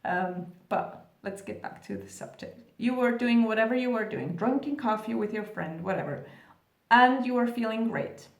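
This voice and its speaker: A woman talking to camera as a spiritual vlogger, gentle, earnest and reassuring. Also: on the high side, animated, moderate pace. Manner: gentle, earnest and reassuring, with soft laughs and fillers. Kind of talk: casual talk to camera. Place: indoor room, Australia. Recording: echoey room, distant mic.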